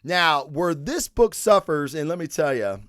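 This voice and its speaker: Man, podcaster, casual comic talk, profane and jokey, smooth clear voice, dry sound. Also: a little high, lively intonation, a bit bright, dry recording. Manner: loose, profane, jokey, quick to act out scenes. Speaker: comic book review podcaster. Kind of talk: casual comic review chat.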